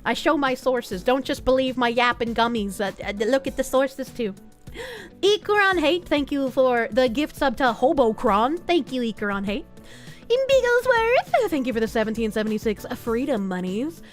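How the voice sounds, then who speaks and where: A woman VTuber streamer chats casually with her live audience, thanking donors in a bright, high voice. Her tone leaps up and down playfully, full of cutesy baby talk. Every so often she drops in a dry, sarcastic aside. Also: animated, normal speed, faint music behind.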